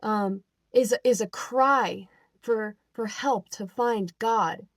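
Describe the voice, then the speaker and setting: A young woman voicing a condescending religious middle-aged woman, speaking slowly and preachily. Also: fairly high pitch, no room sound, clean studio sound. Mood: preachy.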